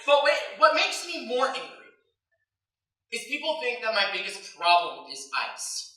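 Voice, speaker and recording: A man performing a comic spoken word poem on a school stage, ranting loudly with shouted outbursts, heard through a distant mic in an echoey hall. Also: very high-pitched, sing-song, unhurried. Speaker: slam poet.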